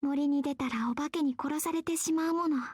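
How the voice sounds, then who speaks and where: A woman's voice: high voice, racing, darkish tone, dry recording, studio quality, lightly acted. A woman voicing a small, aloof young girl in a visual novel game, cool, composed and a little teasing.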